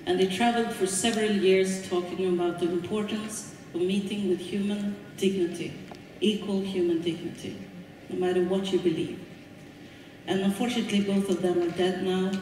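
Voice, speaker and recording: An earnest woman with a Swedish accent gives a conference lecture, pausing now and then to find her words. Her voice sits at a middling pitch. She sounds distant, with a long reverb from a large hall. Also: darkish tone, a little hiss or hum. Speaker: conference speaker. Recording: echoey hall from far off.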